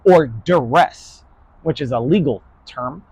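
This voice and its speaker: A man's voice: mid-range voice, slow, darkish tone, breathy edge, no room sound. A man from New York giving a casual, blunt lecture to his online class, swearing freely and ending nearly every point with "right?". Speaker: online philosophy class host.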